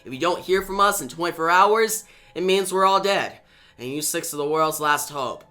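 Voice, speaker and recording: A man's voice: fairly high pitch, expressive, moderate pace, pushed and bright. A man voicing a fierce female superhero team leader, speaking urgently and giving commands. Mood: commanding.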